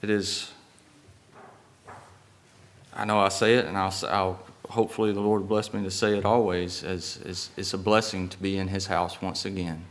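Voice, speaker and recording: Hoarse low-voiced preacher. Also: male voice, a little hiss or hum. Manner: halting, many fillers and restarts. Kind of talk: sermon. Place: church.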